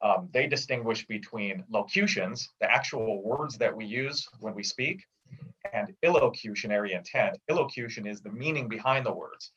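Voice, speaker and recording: A man, a theology professor, explaining ideas in a lecturing way with clear examples during a conversation. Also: fairly low pitch, lively intonation, moderate pace, a bit bright, recorded from a distance, lo-fi sound.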